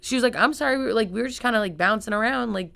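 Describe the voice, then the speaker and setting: A young woman hosting a podcast, telling a story fast, with lots of fillers and swearing. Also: a little high, creaky, a bit bright. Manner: swears freely. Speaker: podcast host. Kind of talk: casual chat.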